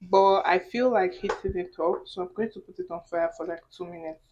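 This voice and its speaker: A woman's voice: fairly low pitch, brisk, gravelly, a little mellow, lo-fi sound, a little hiss or hum. A woman from Nigeria hosting a cooking vlog, chatting casually to viewers as she prepares a dish in her home kitchen. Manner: chatty, talks while cooking, asides to viewers. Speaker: cooking vlogger.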